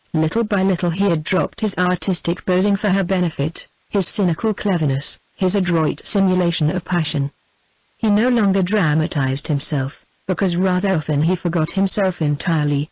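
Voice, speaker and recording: A synthetic text-to-speech woman's voice with a British English accent, reading a novel in even, measured narration. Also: on the low side, no echo, low-quality recording. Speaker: audiobook narrator. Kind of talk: scripted narration.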